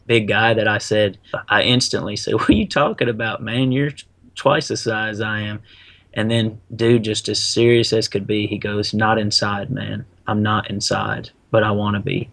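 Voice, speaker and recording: A man, middle-aged, telling a personal story in a casual, animated way, full of slang and acted-out quotes. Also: lowish voice, normal speed, no echo. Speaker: guest.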